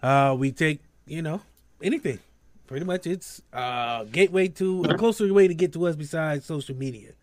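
A man's voice: a little high, normal speed, a little mellow, no room sound. A man hosting a podcast in casual chat, laid-back and slangy, laughing often, with a sore throat. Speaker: podcast host.

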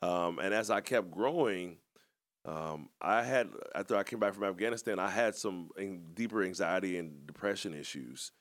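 Low-voiced man, reflective, informal. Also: normal speed. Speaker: podcast co-host and coach. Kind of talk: casual conversational storytelling.

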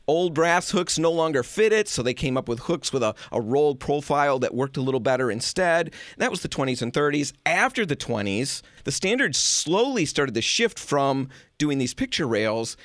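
Animated man in his forties. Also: a little high, moderate pace, few pauses, no echo, clean studio sound. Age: 40s. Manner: animated, self-deprecating, laughs often. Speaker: podcast co-host. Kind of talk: casual chat.

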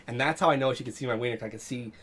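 A man's voice: medium pitch, rapid-fire, fairly bright tone. A young man hosting a casual podcast, telling crude stories with lots of swearing and laughter. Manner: laughing, profane storytelling.

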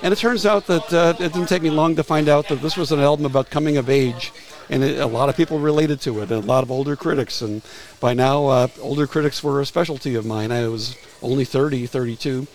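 A man's voice: medium pitch, fairly even intonation, rough recording. A man in his sixties, a retired music publicist, telling anecdotes as a guest in a casual interview and often stumbling over repeated words. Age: 60s. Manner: halting, restarts phrases with frequent repeated words.

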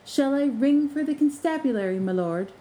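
A woman's voice: sits high, normal speed, pitched above the performer's own voice, poor audio. A woman voicing a male house spirit working as a college porter, formal and dryly polite. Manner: formal, deadpan, sly.

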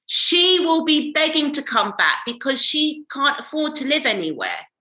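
A woman's voice: sits high, sing-song, normal speed, sharp tone. Blunt, sweary woman ranting. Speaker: podcast co-host. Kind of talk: casual podcast chat. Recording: roomy echo.

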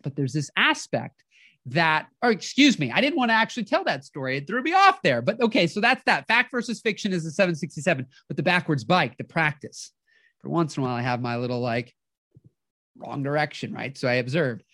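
A podcast host giving a motivational talk in an animated way, often acting out inner voices and checking in with the listener. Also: mid-range voice, a little fast, no echo, clean studio sound. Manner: animated, acts out inner voices, keeps asking "right?".

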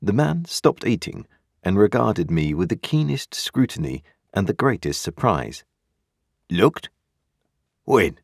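A man narrating a classic novel with a very deep voice and a lively, shifting pitch. His delivery is measured and expressive. The recording is dry and close, with no room sound. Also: creaky, husky, dry recording. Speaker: audiobook reader.

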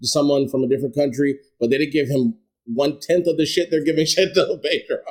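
A male podcast co-host in easygoing chat. He drops in quick reactions and short questions, keeping a relaxed tone throughout. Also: fairly high pitch. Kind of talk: casual chat.

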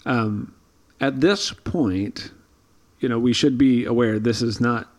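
On a casual Bible study podcast, this co-host talks slowly in a medium, slightly mellow voice. His explanations are thoughtful but full of fillers and false starts.

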